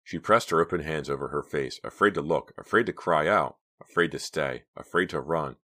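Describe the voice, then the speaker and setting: A man narrating an audiobook in a quiet, steady reading voice. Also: very deep voice, moderate pace. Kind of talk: scripted narration.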